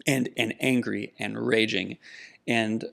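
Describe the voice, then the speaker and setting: A middle-aged man with a lowish voice that keeps slipping into a gravelly fry. He co-hosts a podcast and tells a personal story in an earnest, casual way. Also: fairly even intonation, slow pace, fairly bright tone. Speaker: podcast co-host. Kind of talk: casual conversation.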